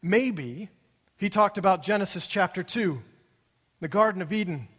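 A man's voice: sits high, lively intonation, moderate pace, fairly bright tone, big-room sound. A man preaching a sermon as a pastor, in a conversational, wry storytelling manner that acts out the quoted lines.

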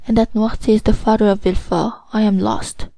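A woman voicing a pale, frightened male magistrate who speaks in low, strained murmurs. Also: little pitch movement, fairly quick, vocal fry, mellow, no room sound, poor audio. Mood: fearful murmur. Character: pale anxious male magistrate, stern and shaken.

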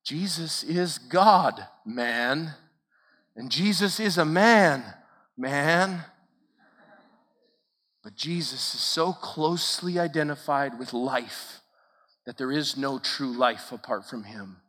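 Bright, slow-paced man preaching in a hall. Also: a little high. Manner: emphatic, storytelling, rising to forceful declarations. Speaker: camp speaker. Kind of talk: sermon. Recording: long hall reverb.

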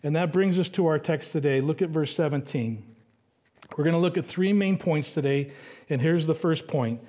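A middle-aged male pastor giving a conversational sermon, slowing down to read scripture aloud. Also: fairly high pitch, a little mellow. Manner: conversational preaching, reads scripture slowly.

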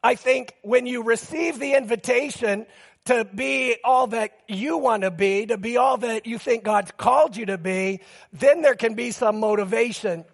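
Gravelly animated male pastor preaching. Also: very high voice. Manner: animated storytelling with quick asides and acted-out quotes. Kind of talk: sermon.

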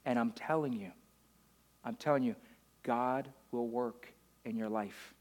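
A man preaching a sermon as a pastor, swinging from loud declarations down to hushed storytelling. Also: mid-range voice, measured pace.

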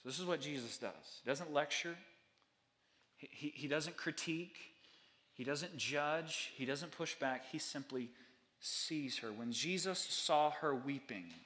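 A middle-aged male pastor preaching a sermon with an earnest, repetitive cadence, dropping his voice softly on key lines. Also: on the high side, a little slow.

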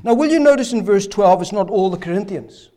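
A man preaching a sermon with rhetorical questions, hoarse, his voice failing and breaking into coughs. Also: high voice, animated, a little fast, dark tone. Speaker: pastor.

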